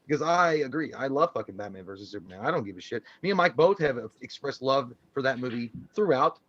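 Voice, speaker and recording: A man's voice: medium pitch, animated, fast talker, a bit bright, no echo, dull audio. A man co-hosting a casual live stream and reading out chat, profane and rambling, laughing often.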